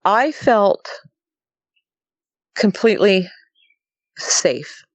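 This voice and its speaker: A woman's voice: mid-range voice, extremely slow, no room sound. A middle-aged woman from Montana, a guest in an interview, telling her story casually and acting out the dialogue with animation. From Montana, USA. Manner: animated, acts out quoted dialogue with repeated "she goes". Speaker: guest recounting a sighting.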